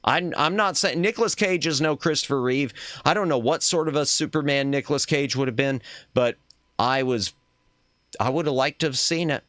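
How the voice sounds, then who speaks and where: A man's voice: medium pitch, moderate pace, fairly bright tone, dry recording. Opinionated man rambling in a dry room. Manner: rambling, opinionated, trails off and restarts. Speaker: streamer host. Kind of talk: casual chat stream.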